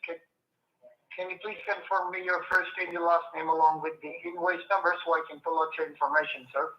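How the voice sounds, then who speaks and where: Insistent call-center man, higher-pitched, tinny roomy phone line. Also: level tone, fairly quick, a little hiss or hum. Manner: formulaic, insistent questioning. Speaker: scam call agent. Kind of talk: scripted call-center talk. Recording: muffled echoey phone line.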